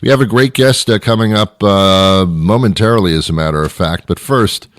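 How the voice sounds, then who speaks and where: A man's voice: lowish voice, moderate pace, no echo, studio quality. A middle-aged man hosting a radio show, delivering an exasperated, rambling comedic monologue full of repeated questions.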